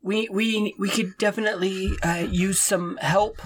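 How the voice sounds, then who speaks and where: Woman playing a scared stuttery peasant, soft and shaky, keeps tripping over words. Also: medium pitch, steady tone, natural voice. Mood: timid. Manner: stuttering, timid, halting. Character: stammering nervous peasant farmer.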